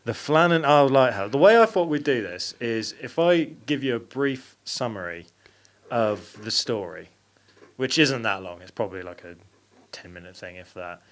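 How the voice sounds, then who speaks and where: A podcast host with a medium-pitched voice and lively intonation speaks at a moderate pace on his paranormal show. In casual chat he reads a story aloud with mock drama, laughing often.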